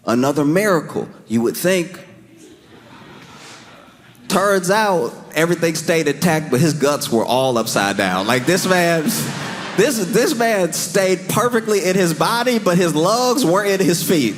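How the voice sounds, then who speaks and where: A man doing a stand-up comedy set, telling a story with lively, animated delivery and breaking into high, strained character voices. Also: measured pace, faint music behind.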